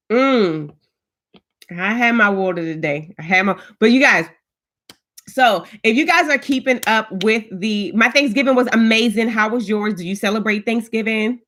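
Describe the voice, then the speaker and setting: A woman's voice: a little high, fairly bright tone. A woman in her thirties hosting a live stream, chatting casually and greeting viewers by name with frequent restarts. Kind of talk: casual livestream chat.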